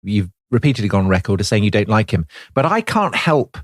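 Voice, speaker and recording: A man's voice: fairly low pitch, a little fast, no echo, studio quality. A man co-hosting a history podcast, chatting in a wry, teasing way. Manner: wry, teasing, lively banter. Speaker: podcast co-host.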